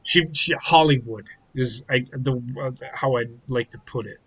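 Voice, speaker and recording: A man's voice: mid-range voice, moderate pace, fairly bright tone, husky, rough recording. A man co-hosting a casual live watch-along chat, ranting in a heated, profane way. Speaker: podcast co-host.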